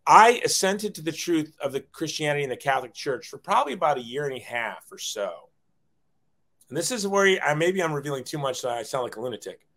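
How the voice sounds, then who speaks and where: A man's voice: a little high, sing-song, brisk, fairly bright tone. A man in his forties, a guest telling his life story in a casual, self-deprecating way, often acting out quoted dialogue.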